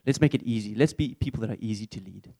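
A man's voice: fairly low pitch, fast, warm tone. A young man preaching a candid, conversational sermon in church.

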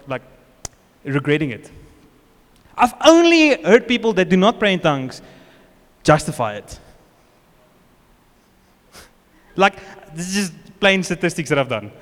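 A man with a South African accent preaching a casual, joking sermon as pastor, often acting out what people say. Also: sits high. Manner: informal, joking, acts out quotes. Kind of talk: conversational sermon. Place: church hall. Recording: long church reverb.

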